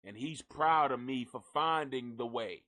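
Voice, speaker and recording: A man with a medium-pitched, sharp-toned voice speaks at a measured pace while signing off a live gossip stream. He rambles and curses in a jokey, casual way, even talking to a donkey nobody can see.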